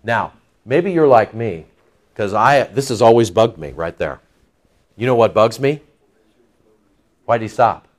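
A man preaching a sermon, lively and emphatic, asking the listeners rhetorical questions. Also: lowish voice, a little slow, long pauses. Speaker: pastor.

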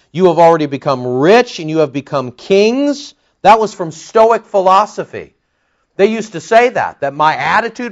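A man preaching an expository Bible-teaching sermon in a conversational, wry way, with sarcastic asides and emphatic bursts. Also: high-pitched. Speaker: pastor. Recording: dull lo-fi sound.

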